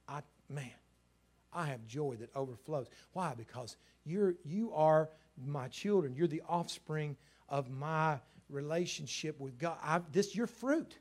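A middle-aged man preaching a sermon to his church, energetic and animated, swinging from loud bursts to hushed asides. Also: fairly high pitch. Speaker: pastor.

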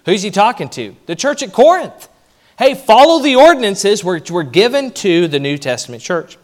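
Male pastor, forceful pulpit preaching with swings in volume, voice on the higher side. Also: sing-song, normal speed. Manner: emphatic preaching, rising and dropping in loudness. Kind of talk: sermon.

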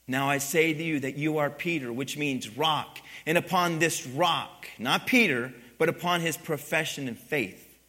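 Bright-voiced preaching man. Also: on the high side, unhurried. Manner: builds from quiet teaching to loud emphatic preaching; asks the congregation for responses. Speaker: pastor. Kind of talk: sermon.

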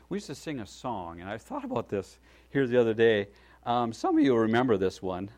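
A man preaching a sermon, telling a story in a folksy, lively way and often checking in with a "right?". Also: medium pitch, brisk.

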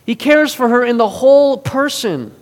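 A man preaching a sermon in an earnest way, moving between forceful and hushed delivery. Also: extremely high pitch, animated, moderate pace. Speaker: pastor. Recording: long reverb of a large hall.

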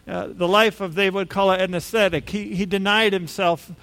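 High-voiced man preaching a lively sermon. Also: moderate pace, creaky, in a large hall. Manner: conversational, animated with rising emphasis. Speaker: pastor.

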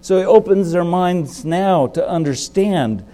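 Male pastor with a warm, mellow tone, chatty sermon, asks the congregation questions, sudden emphatic jumps. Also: a little slow. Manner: conversational preaching with rhetorical questions; sudden swings in pitch and loudness for emphasis.

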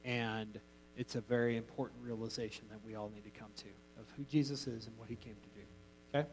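A man's voice: medium pitch, little pitch movement, fairly quick, a little hiss or hum, rough recording. A man teaching an informal Bible class in a casual, joking way, often restarting his sentences.

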